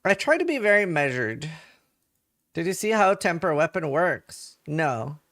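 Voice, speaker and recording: A man's voice: fairly high pitch, sing-song, measured pace, fairly bright tone. A man from England chatting casually with viewers on a live stream, joking around.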